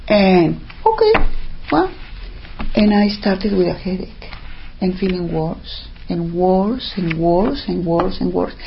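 Animated older woman telling a personal story. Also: fairly low pitch, slow, gravelly, lo-fi sound, a little hiss or hum. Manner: animated, acts out what others said, many "I mean" fillers. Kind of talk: personal story told in casual talk.

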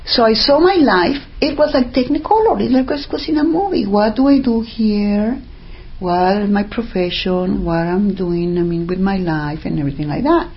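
A woman's voice: medium pitch, moderate pace, lo-fi sound. An older woman telling a personal story in casual talk, acting out what others said and filling gaps with "I mean.". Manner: animated, acts out what others said, many "I mean" fillers.

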